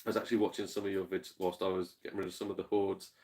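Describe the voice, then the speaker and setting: A man's voice: deep voice, flat delivery, rapid-fire, darkish tone. A man streaming live, reading chat and telling stories in a casual, sweary, laughing way, a bit tipsy. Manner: chatty, swears freely, laughs often, tipsy. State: slightly tipsy.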